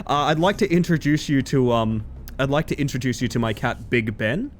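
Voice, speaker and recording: A man streaming a game from home and chatting casually in a rambling, animated way. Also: medium pitch, moderate pace, slight background noise. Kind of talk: casual chat while gaming.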